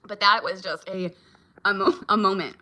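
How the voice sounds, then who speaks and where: A woman's voice: medium pitch, sharp tone. A woman, a mom, chatting casually with her viewers in a vlog, reacting to their comments and laughing often. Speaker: vlogger and mom.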